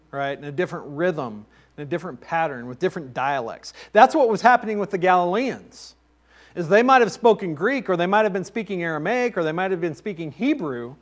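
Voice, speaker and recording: A pastor preaching a conversational sermon, telling stories and asking the congregation questions. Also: male voice, high-pitched.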